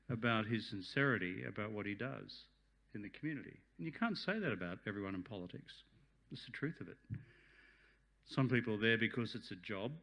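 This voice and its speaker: An Australian man in his sixties giving a chatty, joking speech at a community function. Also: on the low side. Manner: chatty, jokey, warm-hearted. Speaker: guest speaker. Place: function hall.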